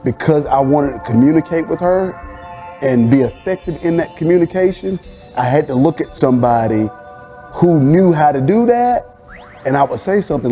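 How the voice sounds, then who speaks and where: A man hosting a church talk show as a pastor, telling family stories in a lively, animated way. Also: mid-range voice. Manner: animated storyteller, acting out family dialogue with laughter. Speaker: pastor and host. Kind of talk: casual conversation.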